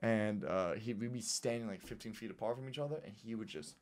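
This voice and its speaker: Animated young man telling stories. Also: lowish voice, fast. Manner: animated storyteller, acts out voices, says "bro" a lot. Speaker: podcast co-host. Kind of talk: casual chat.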